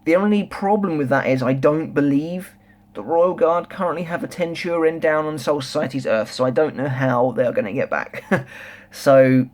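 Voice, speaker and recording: A young man reviewing a manga chapter in a casual, rambling, excitable way, full of restarts and filler words. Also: fairly high pitch, moderate pace. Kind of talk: casual solo review chat.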